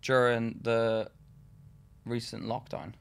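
A man's voice: mid-range voice, monotone, takes it slowly, gravelly, smooth. A young man from England, a stand-up comedian guest chatting casually on a podcast, laughing often and swearing as he rambles through stories.

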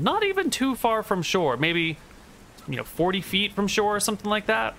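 A man narrating scenes and rules as game master, relaxed and descriptive with frequent fillers. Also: medium pitch, slight background noise.

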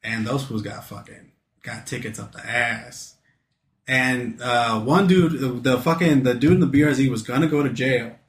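A man's voice: mid-range voice, moderate pace. A man casually telling a story to friends, laid-back and profane, laughing along as he goes. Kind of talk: casual chat. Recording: roomy echo.

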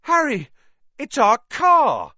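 A man voicing a frightened teenage boy wizard whose voice goes high and breaks with panic. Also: wildly swooping pitch, takes it slowly, pushed and bright, dry recording, lo-fi sound, heavily acted. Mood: relieved.

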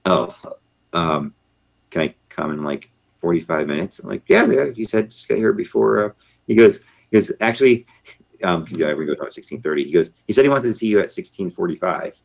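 A man's voice: deep voice, brisk, vocal fry. A middle-aged man, a former Marine officer, telling a story in a casual interview and acting out the voices of the people in it. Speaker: podcast guest, retired Marine officer.

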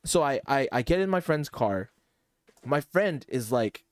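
A young man on a casual podcast, telling a long story among friends in an animated, rambling way and acting out what people said. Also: medium pitch, normal speed, dry recording, studio quality. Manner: rambling, animated, acts out quotes. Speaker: podcast co-host.

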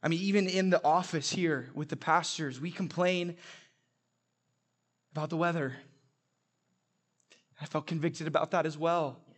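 A man's voice: on the high side, fairly even intonation, a little slow, pauses often. A young adult man preaching a sermon, telling stories with humor and emphatic repetition. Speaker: pastor.

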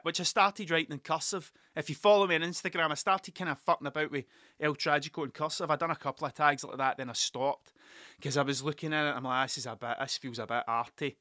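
Sweary, rambling man with bright voice. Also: on the high side, no room sound, clean studio sound. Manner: sweary, rambling, self-mocking. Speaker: podcast host. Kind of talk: casual storytelling monologue. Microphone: desk mic.

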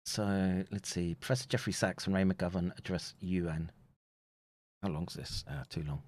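A man's voice: low voice, normal speed, a little mellow, dry recording. An English man hosting a casual livestream, rambling, chuckling between remarks and reading viewer comments aloud. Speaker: livestream host reading chat.

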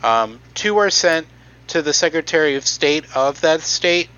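A man's voice: on the high side, expressive, a little slow, pushed and bright, smooth, lo-fi sound. A man on a podcast explaining a process from notes, hesitant and matter-of-fact with frequent ums. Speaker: podcast host presenting research.

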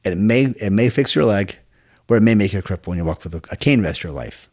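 A middle-aged man from Scotland with a Scottish accent, telling stories from his life in a casual interview, halting and full of restarts. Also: expressive. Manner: halting, many restarts, low and quiet asides. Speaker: podcast guest.

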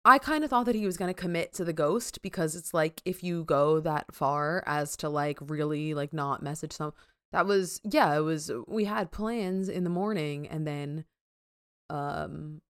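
Giggly young woman, low smooth voice. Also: moderate pace, no room sound, clean studio sound. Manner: giggly, chatty, many fillers. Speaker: podcast co-host. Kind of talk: casual chat.

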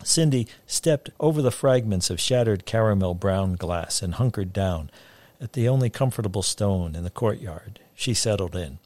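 A man reading a story aloud, with a lively, vivid manner, recorded close and dry. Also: on the low side, normal speed, dry recording. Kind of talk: storytelling narration.

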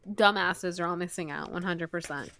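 A woman's voice: on the low side, moderate pace, sharp tone. A young woman co-hosting a book podcast, recapping a chapter in loose, laughing chat full of fillers. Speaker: podcast co-host. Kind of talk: casual book-club chat.

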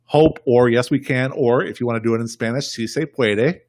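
A man's voice: mid-range voice, a little fast, darkish tone, dry recording, clean studio sound. A man talking politics in a casual podcast chat, rambling and emphatic, often repeating himself. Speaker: podcast guest.

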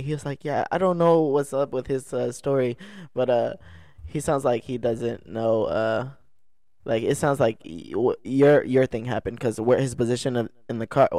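A man's voice: medium pitch, darkish tone, dry recording, clean studio sound. Rambling young man telling a story. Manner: rambling, restarts often, laughs through the story. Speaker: podcast co-host. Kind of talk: casual storytelling chat. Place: indoor podcast setup.

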